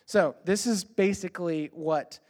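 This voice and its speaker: Male preacher, higher-pitched voice, earnest and emphatic, explains with ums and uhs. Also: measured pace, darkish tone. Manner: uses fillers like um and uh when explaining. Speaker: pastor. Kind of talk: sermon.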